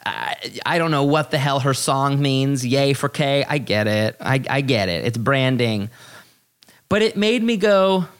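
A man hosting a podcast, talking in animated, exasperated, profane bursts that leap up high. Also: unhurried, clean tone. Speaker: podcast host. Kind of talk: casual podcast commentary.

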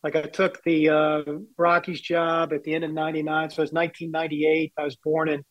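Brief: man, 60s, raised-pitch voice, candid anecdotal storyteller, dry close sound. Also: monotone, brisk, no room sound, lo-fi sound. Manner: candid, self-deprecating anecdotes. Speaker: baseball executive guest. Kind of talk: storytelling interview.

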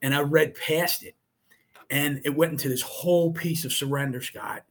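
A man's voice: on the high side, fairly even intonation, normal speed. A middle-aged man telling a personal story as an interview guest, earnest and emotional, often quoting what others said. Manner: earnest and emotional, retelling with quoted dialogue.

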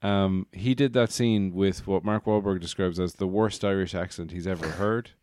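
A man's voice: low-pitched, steady tone, moderate pace, a little mellow, no echo, clean studio sound. A man co-hosting a podcast, chatting casually about a film, laughing easily and swearing now and then. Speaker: podcast co-host.

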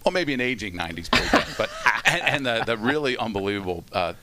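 A man's voice: fairly low pitch, expressive, fast, very noisy. A man telling a funny story in casual conversation, laughing often and repeating "you know what I mean". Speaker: former ballpark entertainer.

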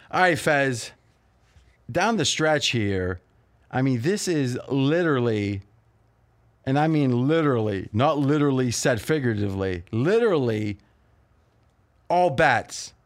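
A man's voice: mid-range voice, expressive, measured pace, pauses often. A man hosting a sports betting talk show, joking and rambling through casual banter with his co-hosts.

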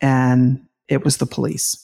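A middle-aged woman with a gravelly edge recounts a painful family memory to an interviewer. She laughs through grief and restarts her sentences often. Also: a bass voice, flat delivery, unhurried, dark tone. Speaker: guest, bereaved mother and author. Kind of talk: conversational interview storytelling.

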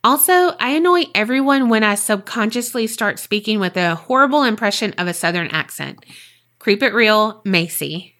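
A woman co-hosting a podcast, reading a listener's ghost story aloud and then chatting in a lively, swearing, laughing way. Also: mid-range voice, normal speed. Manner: animated, swears freely, laughs often. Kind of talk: casual chat and reading aloud.

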